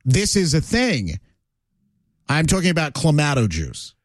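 A middle-aged man hosts a radio talk show, chatty and joking with plenty of fillers. His voice sits a little high, and the studio sound is close and dry. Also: huge pitch swings, unhurried, no echo. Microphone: studio mic.

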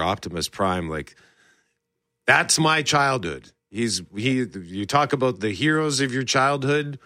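A male show host with a mid-range voice talks about pop culture in a pushed, bright tone. His enthusiastic, rambling chat keeps circling back as he restarts sentences, and the recording is dry with clean studio sound.

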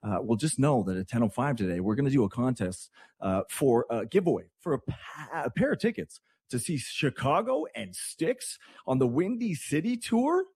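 A male radio host from Canada chatting through his morning show in a rambling, excitable way. His voice is slightly husky at a middle pitch, recorded dry and close. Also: moderate pace, dry recording.

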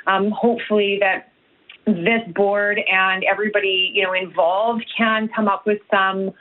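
A woman's voice: mid-range voice, little pitch movement, measured pace. A Canadian woman, a nutritionist and health coach, speaking as a guest in a broadcast interview, earnest, with many fillers and restarts. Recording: tinny phone line.

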